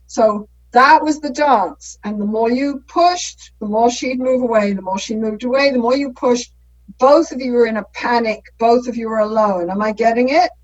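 A woman's voice: a little high, normal speed, highs cut off. A middle-aged woman who works as a couples therapist, explaining in a conversational way and often checking in with "right?".

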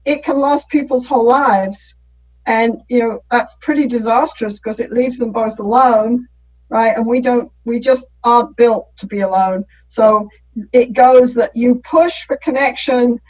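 Casual, slightly high woman in her middle years, explaining couples stuff, muffled audio. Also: a little mellow. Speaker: couples therapist. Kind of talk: conversational explaining.

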